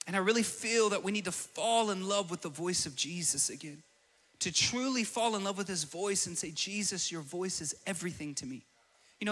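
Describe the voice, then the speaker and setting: High, bright-voiced preacher man in a hall. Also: slightly rough. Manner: storytelling, builds to emphatic declarations. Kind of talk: sermon.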